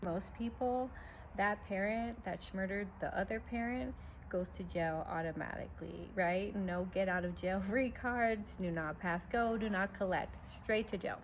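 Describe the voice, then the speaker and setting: A woman telling a dark personal story in a matter-of-fact, wry way. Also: mid-range voice, a little slow, a little hiss or hum. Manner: matter-of-fact, wry, laughing lightly through dark memories.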